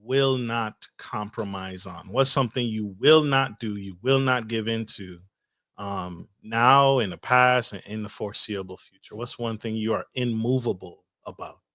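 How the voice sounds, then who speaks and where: A man's voice: on the low side, normal speed, a bit bright, dry recording, clean studio sound. A man hosting a podcast interview, enthusiastic and affirming, asking questions and speaking straight to his listeners. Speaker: podcast host.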